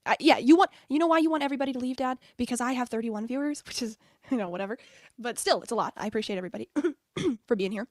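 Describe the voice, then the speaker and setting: A woman from the United States hosts her live stream in a casual, chatty way, laughing often and jumping between asides. Her voice sits a little high. The sound is close and dry. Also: fast, no echo. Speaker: streamer host.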